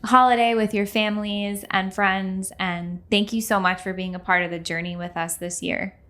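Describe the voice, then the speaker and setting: A woman's voice: medium pitch, steady tone, moderate pace, fairly bright tone. A woman hosting a faith podcast, upbeat and thankful as she chats and signs off listeners. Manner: upbeat, thankful, wraps up the show. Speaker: podcast host. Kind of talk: casual chat.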